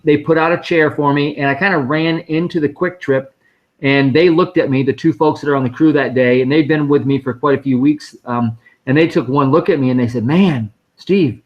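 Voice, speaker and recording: On a muffled recording, a medium-pitched male guest speaker addresses a fundraising live stream. He recounts a personal story in a chatty, vivid way, voicing the dialogue of the people in it.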